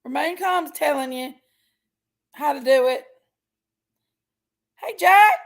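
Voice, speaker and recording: A woman's voice: high-pitched, slow pace, gravelly. A woman hosting a casual livestream, chatting in a folksy way and greeting viewers by name. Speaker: livestream host.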